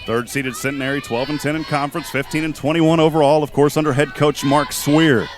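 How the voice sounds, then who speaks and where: A man calling a college softball game play by play, chatty and quick with statistics, joking with his co-host. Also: fairly high pitch, steady tone. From Texas. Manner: chatty, rattles off stats, jokes with co-host. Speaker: play-by-play announcer. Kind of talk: sports play-by-play commentary. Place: outdoor softball field.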